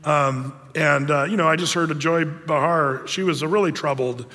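A man preaching a sermon in a chatty, animated way, full of fillers and asides. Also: fairly high pitch, normal speed, in a large hall. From United States. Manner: conversational, animated with frequent fillers. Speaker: pastor.

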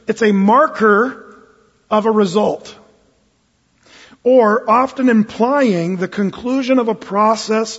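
A man's voice: high voice, slightly rough. A man preaching a sermon as pastor, earnest and emphatic, often asking his listeners questions. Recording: dull sound with long hall reverb.

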